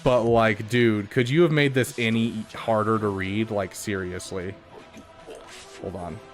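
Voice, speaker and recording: Male streamer with a lowish voice, rambling casual commentary over faint music. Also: fairly even intonation, measured pace. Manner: chatty, thinks aloud, frequent fillers. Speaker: streamer reviewing game accounts.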